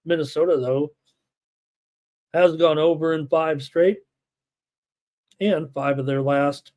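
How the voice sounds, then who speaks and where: A man's voice: a little high, fairly even intonation, slow pace, a little mellow. A man hosting a live sports betting show, reading statistics, viewer chat and lineups with many filler words. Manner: rattles off numbers and lineups, many filler uhs.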